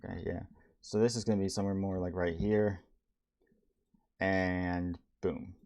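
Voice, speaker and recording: A young man streaming as he builds a game level, talking casually in a halting way with many restarts and fillers. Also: deep voice, level tone, darkish tone. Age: young adult. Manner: halting, many restarts and ums, reads chat aloud. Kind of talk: casual live-stream talk.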